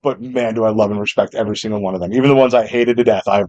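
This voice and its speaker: A man, a former Marine and chef, talking in a relaxed, reflective way as a podcast guest, with frequent restarts. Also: lowish voice, racing, no room sound, dull audio. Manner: reflective, storytelling with many restarts. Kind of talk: casual conversation.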